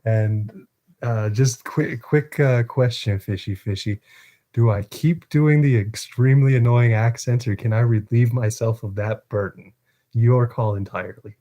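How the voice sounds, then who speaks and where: A man with a mellow, relaxed voice hosts a casual live stream, chatting to viewers and reading a novel aloud. He laughs easily and trips over longer words as he goes. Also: medium pitch, unhurried.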